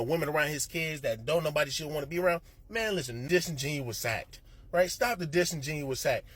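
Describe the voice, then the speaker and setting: A man's voice: fairly high pitch, fairly bright tone, slightly rough, dry recording. A man hosting an opinionated reaction commentary, preaching emphatically straight to his viewers. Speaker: commentary show host.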